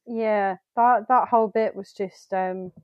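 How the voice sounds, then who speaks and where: A woman, co-hosting a casual podcast and chatting hesitantly, with many pauses and trailing phrases. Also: mid-range voice, steady tone, no echo. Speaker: podcast co-host. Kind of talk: casual chat. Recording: dull, dry lo-fi sound.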